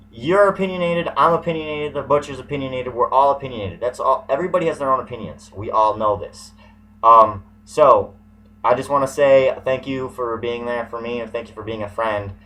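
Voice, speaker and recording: Bright-voiced man on a profane rant. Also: mid-range voice, poor audio. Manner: profane, ranting, swearing heavily. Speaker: vlogger. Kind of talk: angry ranting vlog.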